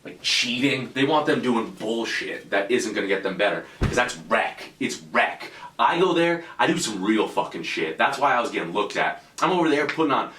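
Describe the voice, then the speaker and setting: A man's voice: medium pitch, lively intonation, moderate pace, hardly any pauses, sharp tone, distant mic, slight background noise. A young man chatting on a podcast, telling stories in a loose, profane way with lots of fillers. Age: young adult. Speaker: podcast co-host. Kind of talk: casual podcast chat. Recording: echoey room, voice off-mic.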